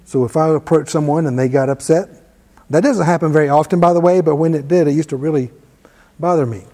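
A man's voice: a little high, fast, warm tone, long reverb tail. A man teaching informally and telling a personal story, conversational and self-deprecating. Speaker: ministry teacher.

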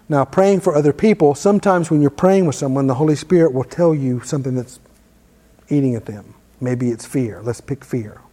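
A man with a somewhat high yet mellow voice tells a personal story while teaching, easygoing and self-deprecating. His voice rings out with a long reverb, as if in a large hall. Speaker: ministry teacher.

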